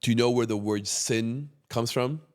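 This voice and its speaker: A man hosting a casual interview, speaking earnestly and reflectively at a measured pace. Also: mid-range voice, a little mellow. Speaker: host.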